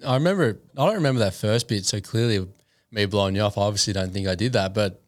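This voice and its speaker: A young man with an Australian accent, a podcast guest answering in a calm, measured way. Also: lowish voice, no room sound. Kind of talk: casual podcast chat.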